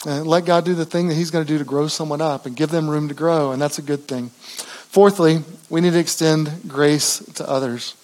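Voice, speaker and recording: A pastor preaching a sermon in an earnest, conversational way, with frequent restarts. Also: male voice, fairly high pitch, steady tone, fairly quick, darkish tone.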